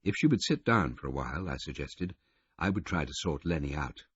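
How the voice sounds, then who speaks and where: A man narrating a first-person audiobook with a husky voice and a measured, understated delivery. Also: extremely low pitch, expressive, a bit bright, no room sound. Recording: muffled lo-fi recording.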